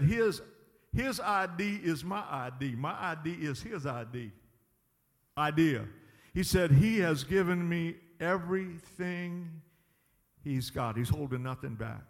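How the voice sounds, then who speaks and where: A man's voice: on the high side, in a large hall. A man preaching a sermon in a folksy, emphatic way, often chuckling at his own points. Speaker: pastor.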